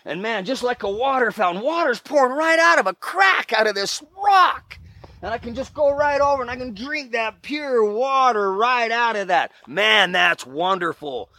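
A man's voice: very high voice, animated, normal speed, sharp tone, dry recording. A middle-aged man giving an earnest, emphatic motivational talk about wilderness survival and self-improvement. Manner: earnest, emphatic, preachy with repeated exclamations.

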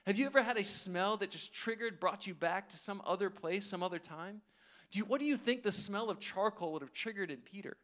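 A man's voice: sits high, a bit bright. A man preaching a sermon in an earnest, conversational way, asking the congregation rhetorical questions. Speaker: pastor.

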